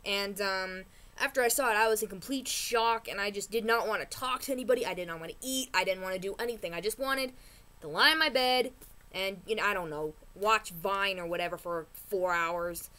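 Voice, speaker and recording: A woman vlogger giving a casual, animated recap rant, chatty and often restarting her sentences. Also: mid-range voice, fairly quick.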